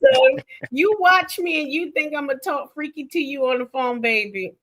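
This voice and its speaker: A young woman with a Southern American drawl chats on a gossip stream in a bright, rather high voice. She is animated, laughs often and swings from loud bursts to near-murmurs. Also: normal speed. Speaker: stream host. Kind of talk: casual live-stream gossip chat.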